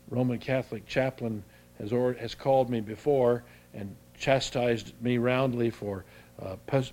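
An older pastor preaches a sermon in a folksy, halting manner, his voice darkish in tone. He restarts his sentences often, and his pitch and volume climb as he presses a point.

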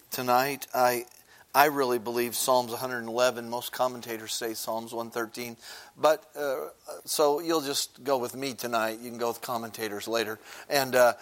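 A man's voice: mid-range voice, fairly bright tone. A man gives a sermon in an easygoing, conversational way. He stops often to ask the people in front of him questions, and his talk is full of little fillers as he teaches. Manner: conversational teaching with frequent filler words, asks the congregation questions; briefly sings a short chorus. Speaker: preacher.

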